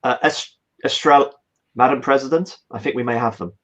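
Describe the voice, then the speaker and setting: A man's voice: medium pitch, a little fast, a bit bright. A man playing a government adviser in a tabletop role-play, speaking earnestly and hesitantly. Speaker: player.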